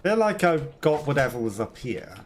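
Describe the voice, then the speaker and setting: A man's voice: on the high side, big pitch swings, normal speed, a little hiss or hum. Chatty man commentating his gameplay. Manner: rambling, self-mocking, laughs often. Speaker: let's play streamer.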